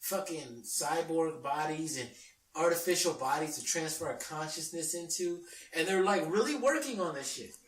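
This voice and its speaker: A man's voice: a little high, expressive, moderate pace. A man co-hosting a podcast in casual chat, laid-back and argumentative, swearing freely and calling his friend "bro". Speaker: podcast co-host. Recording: roomy sound from off-mic.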